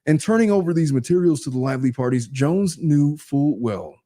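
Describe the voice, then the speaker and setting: A man hosting a show, reading a legal complaint aloud in a measured way and adding casual comments of his own. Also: fairly high pitch, animated, dark tone. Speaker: host.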